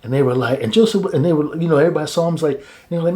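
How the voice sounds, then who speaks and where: A man teaching a casual Bible study in a colloquial, halting way, with many restarts and chuckles between points. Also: fairly high pitch, darkish tone.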